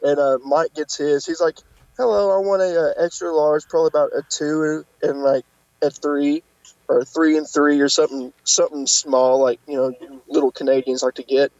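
Guest: man, casual teller, raised voice, lively pitch jumps for quoted people, dry lo-fi sound. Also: moderate pace, dry recording. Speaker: podcast guest, wrestler. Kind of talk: casual storytelling. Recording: dull lo-fi podcast audio.

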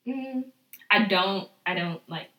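A young woman talking candidly in a casual chat, her speech full of "like" and quick asides. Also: mid-range voice, expressive, pushed and bright, roomy sound, poor audio.

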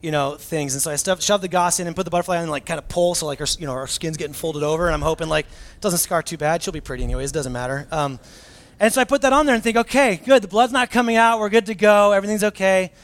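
Pastor, male, 30s, slightly high voice; relaxed self-deprecating sermon delivery. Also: rapid-fire. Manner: casual, self-mocking storytelling with fillers.

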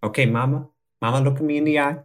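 A man voicing a brash frontier sheriff who talks roughly and rambles in a tabletop game. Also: mid-range voice, fairly even intonation, quick pace, pitched above the performer's own voice, close to an everyday voice. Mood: urgent.

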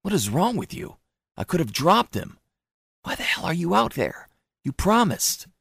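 A man voicing a frantic, fearful young mother, shrill and urgent, in a storybook reading. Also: unhurried, darkish tone, no room sound, studio quality, close to an everyday voice.

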